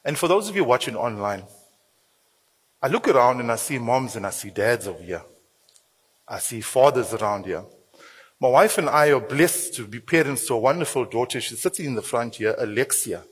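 A man preaching in a church, giving announcements and a sermon in a lively, humorous way with playful asides. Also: medium pitch, husky. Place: church hall. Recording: reverberant church hall.

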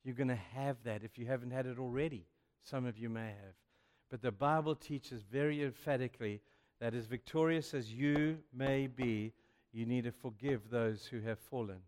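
In an echoey hall, a man with a mid-range, slightly mellow voice preaches a youth sermon. He's emphatic and conversational, repeatedly saying "you know," with the room's long reverb trailing his words.

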